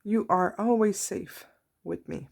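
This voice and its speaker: A woman giving a tarot reading, talking softly and slowly as she reads out card messages to her viewers. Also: medium pitch, gravelly. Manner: soft, warm-hearted, reads card messages aloud. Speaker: tarot reader. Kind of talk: slow, intimate tarot reading.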